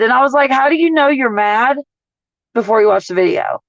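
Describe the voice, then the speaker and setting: A woman, ranting in a casual livestream as a couponing vlogger, blunt, profane and animated as she tells stories. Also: fairly high pitch, fast, dry recording, highs cut off.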